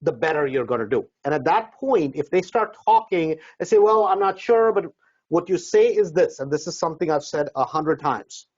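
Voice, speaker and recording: A man's voice: a little high, animated, normal speed, breathy edge, muffled recording. A man coaching real estate investors in a seminar talk, conversational, acting out doorstep dialogue and often asking "right?".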